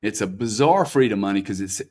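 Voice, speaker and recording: A man's voice: fairly low pitch, animated, a little fast, a little mellow. A man interviewing a guest, talking bluntly and profanely and tagging "man" onto his sentences. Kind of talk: candid interview talk.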